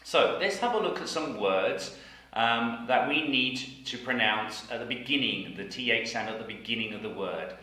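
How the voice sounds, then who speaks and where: A man teaching English pronunciation, saying each example word slowly and clearly twice. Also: mid-range voice, lively intonation, sharp tone. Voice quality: deliberate, over-articulated delivery. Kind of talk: slow, careful teaching with repeated example words. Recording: very echoey room.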